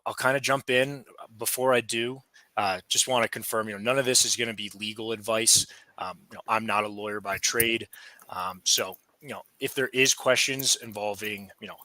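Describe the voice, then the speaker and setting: Bright-voiced man, lots of fillers. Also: fairly low pitch, no echo, rough recording. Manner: friendly, heavy on "you know" fillers. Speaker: insurance underwriting team lead, guest presenter. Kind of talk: casual presentation.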